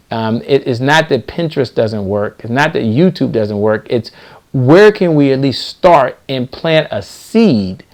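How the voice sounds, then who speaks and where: Gravelly man preaching to viewers. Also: medium pitch, darkish tone. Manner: preachy, repeats lines for emphasis. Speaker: host. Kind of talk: live-stream motivational talk.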